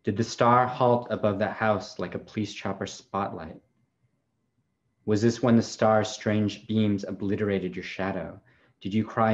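A man with a very low, deep voice gives a poetry reading. He delivers a long chain of questions in a measured, incantatory cadence. The audio is dull and lo-fi. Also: fairly even intonation. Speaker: poet.

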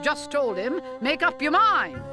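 A zany talk-show hostess for pets introduces her guests with showbiz flair. Her voice sits very high and swoops wildly between notes. It is a children's puppet sketch. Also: sing-song, unhurried, over music. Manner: over-the-top hostess, swooping delivery.

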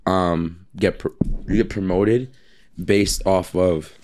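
A man, a personal trainer, telling stories in a casual podcast chat, with lots of fillers like "like" and "um" and a lively way of talking. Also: low voice, slow, a little hiss or hum. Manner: animated storyteller, many fillers.

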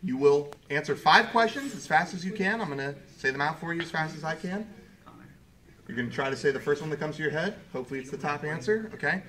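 A man's voice: fairly high pitch, lively intonation, fairly bright tone. A man hosting a fan-made game show, reading questions and answers in a playful, hammy way. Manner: playful and hammy, quick rundown of rules.

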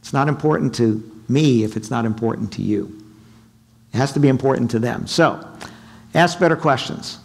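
A middle-aged man giving a sales seminar talk in a hotel conference room, animated and quizzing the audience. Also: medium pitch, normal speed, vocal fry, husky. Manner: animated, asks the audience questions, acts out quotes. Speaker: keynote speaker.

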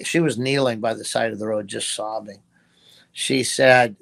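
A man's voice: mid-range voice, little pitch movement, measured pace, gravelly, fairly bright tone. A man, a pastor, telling a story as an interview guest, earnest, quoting his own words with restarts. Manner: earnest, retelling with direct quotes and restarts.

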